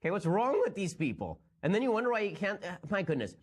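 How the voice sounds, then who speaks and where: A man giving political commentary, talking quickly in a mocking, incredulous manner. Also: high voice, wildly swooping pitch.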